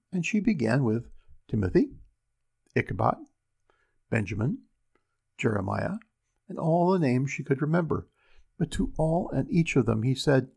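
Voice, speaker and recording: A man reading classic fairy tales aloud in a steady, unhurried storybook narration. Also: medium pitch, vocal fry, breathy edge.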